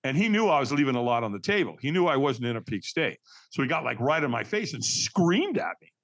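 Guy telling a wild story on a podcast, slightly raspy, voice jumps all over. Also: mid-range voice, fairly quick. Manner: energetic, acts out quoted voices, frequent restarts. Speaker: podcast guest. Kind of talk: animated storytelling.

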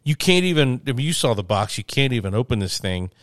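A man's voice: mid-range voice, fast, dry recording, studio quality. A middle-aged man co-hosting a casual chat, telling stories with laughter. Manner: animated storyteller, laughs while talking. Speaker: podcast co-host.

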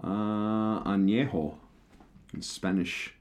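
A man's voice: on the low side, slow, a little mellow. A man co-hosting a casual drinking podcast, joking around with wry banter and casual swearing. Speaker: podcast co-host. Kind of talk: casual boozy podcast chat.

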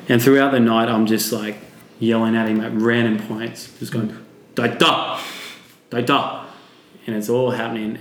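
Low flat-voiced guy telling an intense story, swears a lot, echoey room. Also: a little hiss or hum. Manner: vivid, swearing, acts out quotes. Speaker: podcast guest. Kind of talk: emotional personal storytelling.

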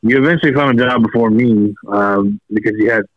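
A man's voice: on the low side, a little fast, dry recording. A man taking part in a casual chat as a guest, recalling events plainly. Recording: dull, dry, muffled sound.

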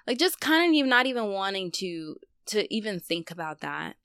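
Young woman vlogger, candid and chatty, bright clear tone, dry close sound. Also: mid-range voice, animated, a little fast, few pauses, dry recording. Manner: candid, conversational, heavy use of fillers. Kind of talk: personal storytelling vlog.

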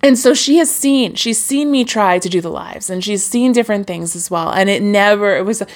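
A woman's voice: medium pitch, normal speed. A young woman hosting her own podcast, talking casually and encouragingly into a microphone with lots of fillers and restarts. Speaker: podcast host. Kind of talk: casual solo podcast monologue.

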